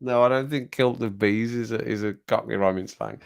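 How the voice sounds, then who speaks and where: A man's voice: on the low side, fairly even intonation, moderate pace, vocal fry, smooth. Jokey man chatting on a live stream. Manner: jokey and teasing, laughs often, repeats phrases. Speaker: livestream host reading chat. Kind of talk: casual live-stream chat.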